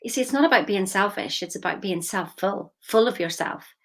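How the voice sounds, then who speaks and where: A woman's voice: mid-range voice, expressive, fairly quick, fairly bright tone. A woman giving a motivational talk, telling a story in a chatty way and asking listeners questions. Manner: chatty, asks the listener questions, drops to a whisper for emphasis. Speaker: motivational coach.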